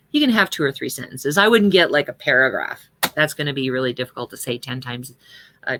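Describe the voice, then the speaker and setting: A woman with a slightly low voice leads a prosperity class. She speaks in a relaxed, chatty way, earnest and full of "uh"s as she explains. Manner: chatty and earnest, with many fillers and occasional laughs. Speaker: spiritual prosperity teacher. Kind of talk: casual teaching talk.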